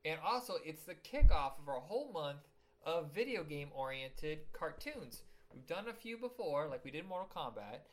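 A man's voice: a little high, big pitch swings, moderate pace. A man hosting a casual podcast, joking crudely and rambling through stories. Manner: jokey, rambling, crude humor. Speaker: podcast host. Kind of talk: casual chat.

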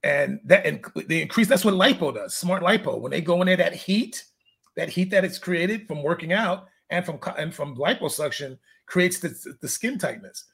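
A man's voice: fairly high pitch, animated, normal speed, vocal fry, fairly bright tone, slightly rough. A man, a fitness coach, chatting casually in an interview, telling candid rambling stories and laughing at his own jokes.

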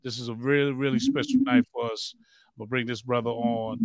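A man's voice: mid-range voice, wildly swooping pitch, brisk, no echo, rough recording. A man hosting a podcast in casual chat, hyped and repetitive, using street slang. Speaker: podcast host.

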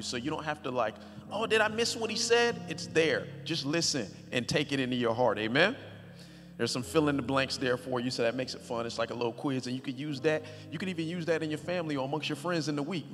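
Joking pastor in a reverberant hall. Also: male voice, fairly high pitch. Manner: joking, conversational with the congregation; emphatic, loud scripture reading. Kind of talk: sermon. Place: church sanctuary.

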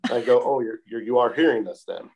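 Man, calm storyteller in casual interview, unhurried, mid-pitched, keeps adding "I said.". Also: vocal fry. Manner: calm, unhurried, repeats "I said" often. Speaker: interview guest telling a story.

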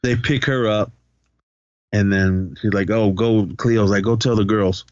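A podcast co-host with a lowish, steady, darkish voice speaks at a measured pace, in lo-fi audio with no room sound. Recapping a movie casually, he retells the plot loosely, curses, and performs the characters' lines.

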